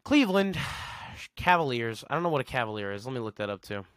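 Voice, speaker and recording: Guy with a low voice ranting on his podcast, sarcastic and rambly, dry close sound. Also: rapid-fire, fairly bright tone, clean tone, no echo. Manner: sarcastic, rambling, chuckles while joking. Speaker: podcast host. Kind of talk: casual solo podcast rant.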